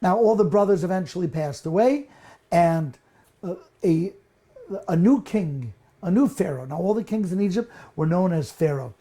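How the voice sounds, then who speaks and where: A man, a rabbi, retells an old story as a relaxed lesson and checks in with his listeners as he goes. He often stops and restarts his sentences, and his voice is mellow and warm, never sharp. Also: sits high, moderate pace. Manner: casual, talks to listeners directly, frequent restarts.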